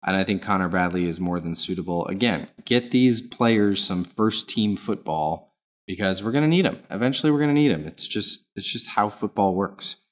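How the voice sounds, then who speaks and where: Man, low voice, put-on English accent, playful football fan host, home kitchen. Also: normal speed. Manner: playful, theatrical, jumps in pitch. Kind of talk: casual football talk to camera.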